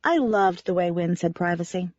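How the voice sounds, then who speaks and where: A woman's voice: lowish voice, moderate pace, a little mellow, no room sound. Wry woman narrating an audiobook. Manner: wry, conversational reading. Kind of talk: first-person audiobook narration. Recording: dry, slightly dull recording.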